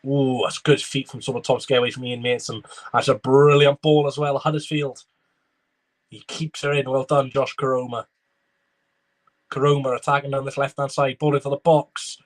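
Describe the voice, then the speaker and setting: A man's voice: medium pitch, flat delivery, moderate pace. A young man streaming a live football watchalong, giving running commentary and chatting with viewers. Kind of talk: live match reaction with chat replies.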